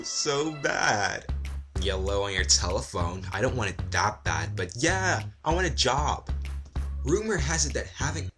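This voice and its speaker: A man's voice: mid-range voice, fairly bright tone. A young man hosting a comedy sketch vlog, chatty and rambling, often breaking off mid-sentence. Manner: chatty, rambling, self-interrupting. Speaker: vlogger.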